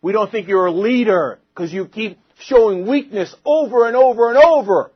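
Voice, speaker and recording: A man's voice: sits high, moderate pace, breathy edge, dry recording, highs cut off. A man hosting a political commentary show, delivering an indignant, mocking monologue.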